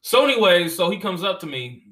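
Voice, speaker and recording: A man hosting a podcast who tells loose, profane stories and laughs along with them. His voice sits a little higher than most men's, with a bright, forceful tone. His delivery is casual and animated throughout. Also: fairly quick. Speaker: comedian and podcast host. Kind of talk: casual storytelling chat.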